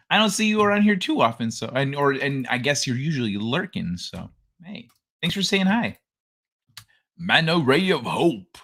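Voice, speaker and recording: Guy hosting a late night stream, high bright voice, rambles and jokes w/ chat. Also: sing-song, a little slow. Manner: rambling, jokey, greets chatters by name. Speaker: livestream host. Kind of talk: casual livestream chat.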